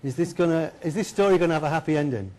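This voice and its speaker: Lively, chatty male storyteller. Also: on the high side, racing. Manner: lively, chatty, asks the audience questions. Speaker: keynote speaker. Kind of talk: storytelling lecture to an audience. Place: lecture hall.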